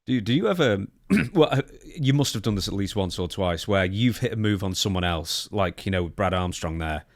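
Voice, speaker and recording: Low-voiced interviewer in a dry room. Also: male voice, lively intonation, moderate pace, no room sound. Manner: chuckling, rambling questions. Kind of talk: casual interview questions.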